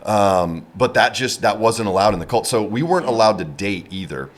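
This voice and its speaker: Deep-voiced man telling his story haltingly. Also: lively intonation. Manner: halting storytelling, many fillers and restarts. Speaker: comedian guest. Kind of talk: casual podcast interview.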